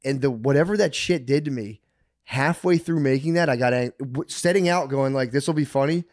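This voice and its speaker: A man talks loosely on a podcast, rambling, cursing and acting out his own short outbursts. His pitch sits in a plain middle range. The mic is close and the room is dry. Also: moderate pace, no room sound. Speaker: podcast co-host. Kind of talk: casual chat.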